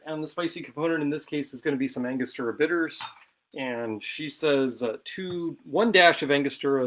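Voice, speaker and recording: Over background noise, a man with a higher-leaning voice mixes drinks at his home bar for a casual cocktail show, talking through each stage in a chatty, self-mocking way.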